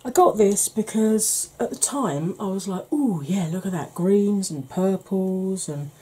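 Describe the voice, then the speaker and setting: A woman hosting a beauty channel, chatting casually and rambling softly while she declutters her makeup, with self-deprecating asides. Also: mid-range voice, unhurried, slightly rough, low-quality recording. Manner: soft, quiet delivery.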